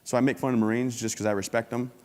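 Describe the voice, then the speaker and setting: A man's voice: medium pitch, flat delivery, fast talker, a little mellow. Upbeat joking man in a big hall. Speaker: keynote speaker. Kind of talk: humorous motivational talk. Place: large conference hall. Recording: long hall reverb.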